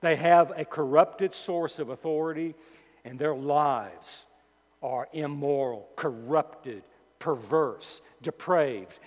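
A man preaching a sermon as pastor, emphatic and deliberate, repeating key words slowly for weight. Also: a little high, a little mellow. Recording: dull lo-fi sound with long hall reverb.

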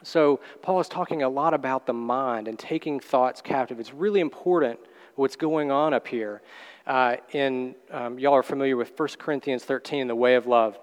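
Casting: male pastor, mid-pitched, easygoing sermon delivery, lingering church-hall reverb. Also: normal speed, clear, resonant tone. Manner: conversational, folksy, many fillers and restarts.

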